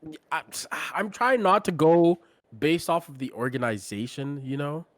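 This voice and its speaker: A man co-hosts a casual sports podcast, speaking bluntly and with strong opinions, often trailing off and starting his sentences again. His voice is a little high, his pace moderate, and the recording dry.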